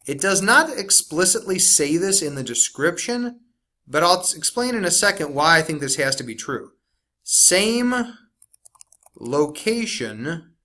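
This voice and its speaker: A man teaching science, walking through a worksheet step by step and slowing down to stress key words. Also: on the high side, bright, forceful tone. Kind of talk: recorded classroom lesson walkthrough.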